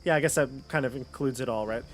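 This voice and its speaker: A man narrating as game master of a tabletop role-playing game in a relaxed, casual way. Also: mid-range voice, quick pace, soft background music.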